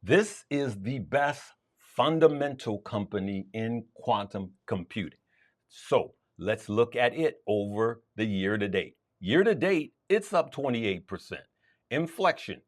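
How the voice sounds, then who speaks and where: A man with a voice on the low side hosts a stock trading show, unhurriedly talking viewers through charts. His market commentary is emphatic and lively, repeating points for stress.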